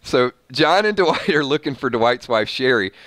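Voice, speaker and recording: Bright, laughing male recap host. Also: medium pitch, animated, moderate pace, no echo. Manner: laughing often, sarcastic asides. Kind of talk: casual TV recap reading from an article.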